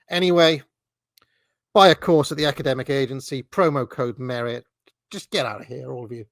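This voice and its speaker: A man's voice: medium pitch, brisk, creaky, fairly bright tone, no echo, clean studio sound. A man hosting a commentary channel, ranting sarcastically about fake news and swearing often.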